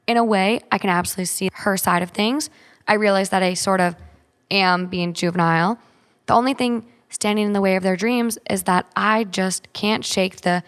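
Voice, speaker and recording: A woman podcast co-host reading a listener's story aloud, then chatting casually about it with frequent "like". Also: mid-range voice. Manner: reads steadily, then chats with frequent "like". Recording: long hall reverb.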